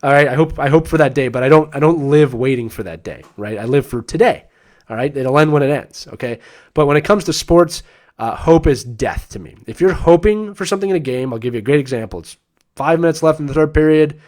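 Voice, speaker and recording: A man's voice: a little high, fairly quick, darkish tone. Emphatic middle-aged man hosting a live show. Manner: emphatic, coaching tone, often checks in with "right?" and "all right?". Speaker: host and former hockey player and coach. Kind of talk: live-stream Q&A chat.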